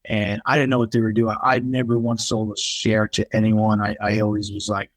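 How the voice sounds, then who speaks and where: A middle-aged man, a podcast guest telling his life story in a candid, animated way, acting out the people he quotes. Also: on the low side, normal speed, no room sound, rough recording. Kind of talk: casual storytelling.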